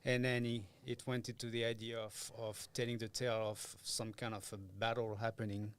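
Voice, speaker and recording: Hesitant guitarist. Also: male voice, fairly low pitch, level tone, moderate pace, a bit bright, smooth. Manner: hesitant, searching for words, laughs often. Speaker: guitarist guest. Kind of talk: casual podcast interview.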